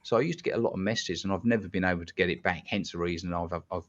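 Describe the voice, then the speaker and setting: Blunt man, low voice, lo-fi. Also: rapid-fire. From London, England. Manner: blunt, animated storyteller who swears casually. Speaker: guest hypnotist. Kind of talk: casual podcast storytelling. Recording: dull lo-fi sound.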